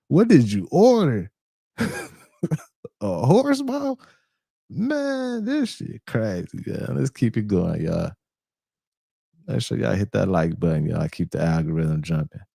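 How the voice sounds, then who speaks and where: A man's voice: lowish voice, gravelly, dark tone, slightly rough, no echo, clean studio sound. A man hosting a reaction video, talking loosely and profanely in slang, disbelieving what he watches. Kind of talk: casual reaction commentary.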